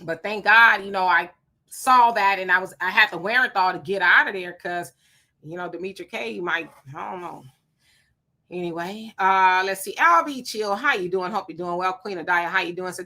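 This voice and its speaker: A middle-aged woman, hosting a live stream, reading viewer comments and telling stories in an animated, emphatic way; she is hot and sweating. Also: fairly low pitch, moderate pace. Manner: animated storyteller, emphatic and preachy when warning.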